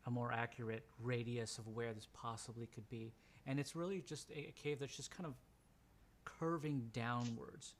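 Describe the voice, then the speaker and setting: A man's voice: medium pitch, fairly even intonation, moderate pace, slight background noise. A man running a tabletop role-playing game as game master, narrating loosely with lots of "kinda" and "like".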